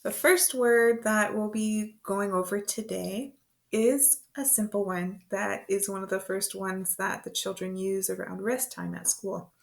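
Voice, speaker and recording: Slow, patient woman teaching words. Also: medium pitch, fairly even intonation, gravelly. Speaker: language teacher. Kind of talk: beginner language lesson.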